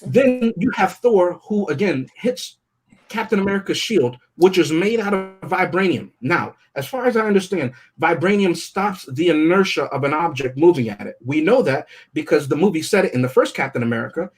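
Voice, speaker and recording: Husky-voiced male co-host, a bit high-pitched, methodical and skeptical. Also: lively intonation, normal speed. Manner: methodical, picks apart plot logic. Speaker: podcast co-host. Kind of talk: casual review chat.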